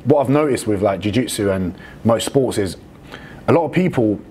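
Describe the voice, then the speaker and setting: A male podcast host with a somewhat low voice, chatting easily and dropping in frequent "yeah"s. A faint noise floor runs underneath. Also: expressive, moderate pace, mellow. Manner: frequent short affirmations. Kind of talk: casual chat.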